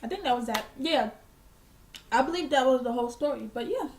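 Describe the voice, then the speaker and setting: Young woman vlogger doing storytime, kinda high voice, swears a lot, petty and doesn't care. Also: lively intonation, a little fast, a little hiss or hum. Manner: blunt, profane, unbothered; boastfully petty. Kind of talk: casual storytime.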